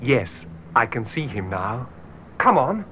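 A brisk thief-chaser, lively pitch, muffled old tape, faint hiss behind. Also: male voice. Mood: urgent. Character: man chasing a thief down the street. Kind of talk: scripted radio-style drama scene. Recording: dull lo-fi old lesson recording.

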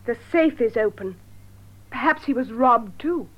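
An actress playing an anxious young woman, speaking clearly and slowly for learners, on a dull lo-fi tape. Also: on the high side, lively intonation. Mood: tense. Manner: clear, slow learner-friendly delivery.

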